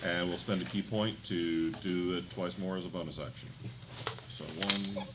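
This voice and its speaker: A man's voice: low-pitched, steady tone, normal speed. A man playing in a tabletop game, matter-of-fact as he counts out his rolls. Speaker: player. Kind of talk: casual tabletop play. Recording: loud background noise.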